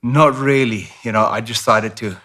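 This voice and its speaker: A man's voice: mid-range voice, normal speed, sharp tone. A middle-aged man with a South African accent, telling stories as a guest in a casual interview. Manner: storytelling, acts out quoted voices.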